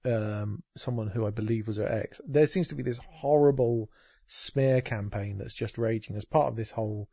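A man on a podcast, talking in a rambling, sweary, sarcastic way. His voice has a gravelly fry and a husky edge. The sound is close and dry, with no room around it. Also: on the low side, normal speed, warm tone, no room sound. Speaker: podcast co-host. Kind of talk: casual chat.

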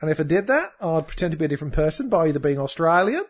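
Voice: medium pitch, sing-song, very fast. A podcast host in casual chat, joking and laughing often while talking over the others.

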